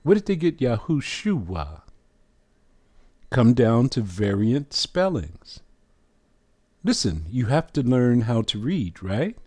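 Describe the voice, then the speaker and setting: A man's voice: medium pitch, very animated, slow pace, pauses often, darkish tone, dry recording, studio quality. A man teaching a lesson, walking the listener through a chart and asking questions as he goes. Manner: asks the listener questions, emphatic.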